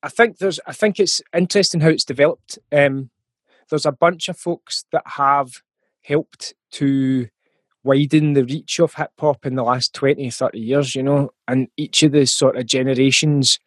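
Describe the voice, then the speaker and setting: A Scottish man talks as a guest in a relaxed interview, picking his words with many ums and small restarts. His voice sits at a middle pitch. The sound is dry, with no room around it. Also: moderate pace, no echo. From Scotland. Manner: thoughtful, with frequent ums and restarts. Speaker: musician guest. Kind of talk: casual interview talk.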